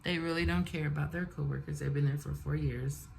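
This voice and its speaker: Heavy background noise surrounds this low voice with vocal fry, fairly even intonation and a slightly fast pace. A woman vlogger in her forties does her makeup while telling a storytime, venting bluntly and with animation.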